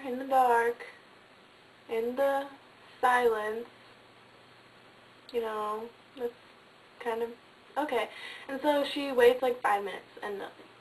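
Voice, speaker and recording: A woman tells a ghost story in a casual, chatty way, full of fillers and sometimes dropping to a hush. Her voice sits somewhat high. The mic is a little way off. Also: far from the mic, slight background noise, rough recording. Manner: chatty, many fillers, drops to hushed tones.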